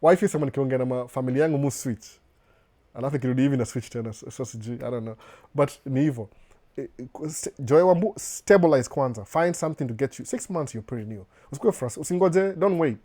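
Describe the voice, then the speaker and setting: Warm-voiced Kenyan man giving casual advice. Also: medium pitch, quick pace. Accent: Kenyan with a slight American touch. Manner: casual, advice-giving, reads questions aloud, often restarts words. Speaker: host answering viewer questions. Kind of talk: live Q&A chat.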